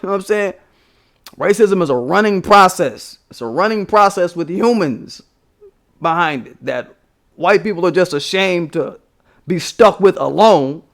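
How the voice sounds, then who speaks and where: A man's voice: sits high, gravelly. Profane, emphatic man ranting live. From United States. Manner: profane, emphatic, laughing scornfully. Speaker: livestream host. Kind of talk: casual political rant.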